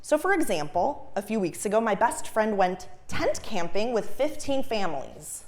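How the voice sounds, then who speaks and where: A young woman from Los Angeles performing a stand-up comedy set, animated, laughing at her own jokes and shrieking her punchlines. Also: medium pitch, moderate pace. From Los Angeles, USA. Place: comedy stage before a live audience.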